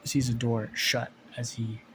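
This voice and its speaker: A man's voice: medium pitch, level tone, unhurried, background noise. Rambling man improvising a story. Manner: rambling, swearing, many restarts. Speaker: fan fiction storyteller.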